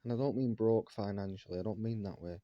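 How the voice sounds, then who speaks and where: A man's voice: lowish voice, fast talker, dark tone, no echo, muffled recording. A man ranting to his viewers in an indignant monologue, firing one rhetorical question after another. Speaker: vlogger.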